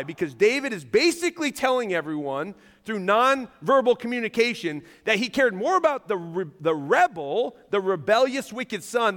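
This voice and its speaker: A man preaching a sermon as pastor, animated and self-deprecating, joking and laughing with his congregation. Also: high voice. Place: large church hall. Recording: long hall reverb.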